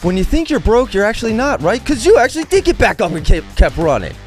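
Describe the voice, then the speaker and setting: Male podcast host, higher voice, bouncy animated pitch, hype-man energy, faint music under. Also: fast talker. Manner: enthusiastic, hype-man sign-offs. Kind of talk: casual interview chat.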